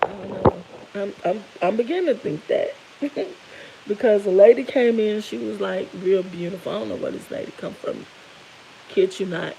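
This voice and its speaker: A woman's voice: mid-range voice, normal speed, gravelly, background noise. A middle-aged woman candidly telling viewers an emotional personal story, tearful at moments. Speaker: vlogger.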